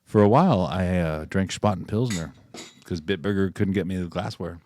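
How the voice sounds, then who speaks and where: A man's voice: low-pitched, normal speed, darkish tone, slight background noise. A man co-hosting a podcast in casual chat, joking and swearing freely. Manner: swearing, joking, loose banter. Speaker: podcast co-host.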